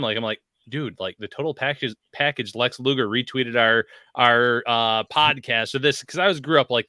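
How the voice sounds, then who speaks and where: A man's voice: mid-range voice, sharp tone, no room sound, clean studio sound. A man co-hosting a podcast, asking upbeat, chatty questions. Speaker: podcast co-host. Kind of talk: casual interview chat.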